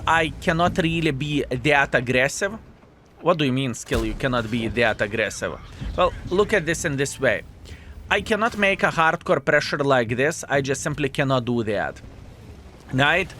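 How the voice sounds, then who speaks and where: A man commentating his own video game match to viewers, animated and self-mocking, calling them fellas, with slightly non-standard English phrasing. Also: on the high side, a little hiss or hum. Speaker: video game player and channel host. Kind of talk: live gameplay commentary.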